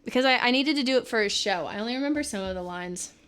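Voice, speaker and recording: A woman's voice: on the high side, expressive, quick pace, a bit bright, clean tone. A woman from California, a livestreamer and singer, chatting casually with viewers in a rambling way and laughing often.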